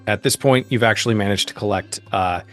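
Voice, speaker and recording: A man's voice: on the low side, a little fast, soft background music. A man narrating a tabletop role-playing game as game master, describing scenes with frequent ums and uhs.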